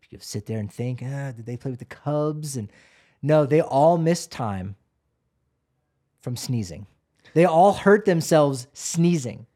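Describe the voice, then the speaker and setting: A man's voice: medium pitch, unhurried. A man with a mid-range voice co-hosts a casual podcast. He sets up bits with an easy, joking air and hands off to the next segment. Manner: joking, relaxed delivery. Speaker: host. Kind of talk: casual chat.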